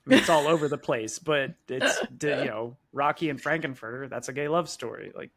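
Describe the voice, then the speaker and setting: A man's voice: medium pitch, fairly quick, fairly bright tone. Male podcast co-host, casual and chatty, a joker who hedges. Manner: chatty, hedging, joking. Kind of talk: casual chat.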